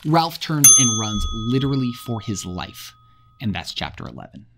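A man walks through a novel chapter by chapter in a relaxed, conversational way. He reads passages with feeling, then drops in dry, jokey asides. His pitch moves up and down a lot. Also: moderate pace, vocal fry, very noisy. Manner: wry, jokey asides between dramatic readings. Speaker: literature explainer. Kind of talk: casual chapter summary with readings.

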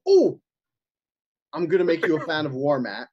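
Man, podcast co-host, fairly high voice, crude animated banter, dull lo-fi sound. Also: fast. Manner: crude, animated, swears a lot.

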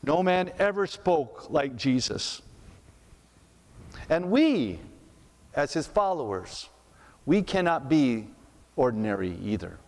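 Pastor preaching in a reverberant church. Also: male voice, medium pitch, very animated, slow pace, long pauses. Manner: conversational, asks rhetorical questions, repeats words. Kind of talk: sermon. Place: church sanctuary.

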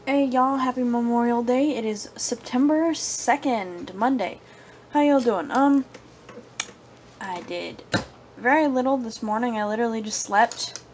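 A woman's voice: on the high side, unhurried, a little hiss or hum. A young woman vlogging casually about her day, rambling and playful, with lots of filler words. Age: young adult. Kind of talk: casual vlog diary.

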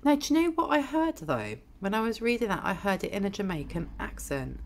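Gravelly-voiced woman giving a tarot reading. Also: medium pitch, big pitch swings, a little fast, slight background noise. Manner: blunt, chatty, with cheeky mild swearing. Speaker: tarot reader.

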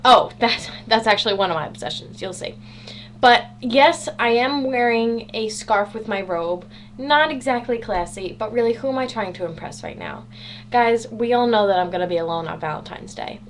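A bubbly teenage girl vlogging from her room, her voice sitting a little high as she jokes about herself with a dry, sarcastic edge. A faint hum runs under the webcam audio. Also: normal speed. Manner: bubbly, sarcastic, self-mocking. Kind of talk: casual chatty vlog. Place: home bedroom.

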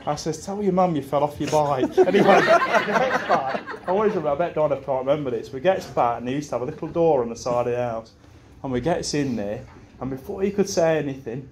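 A man's voice: on the high side, lively intonation, fairly quick, noisy background. Laughing best man telling stories. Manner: rambling anecdotes, laughing at his own stories, casual swearing. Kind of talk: wedding speech storytelling. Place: wedding reception room.

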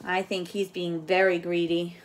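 A young adult woman reading a children's story aloud as a teacher, gentle and coaxing, often asking her listeners questions. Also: fairly low pitch, level tone, moderate pace.

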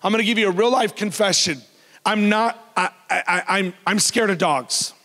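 A man preaching a sermon as pastor, loud and animated, joking with the congregation. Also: sits high, moderate pace, long reverb tail. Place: church hall.

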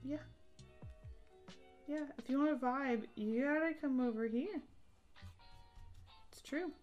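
A woman's voice: high-pitched, unhurried, a little mellow, muffled recording, faint music behind. A woman streaming live as she paints, chatting casually, thinking aloud about her work and cooing playfully at her pet.

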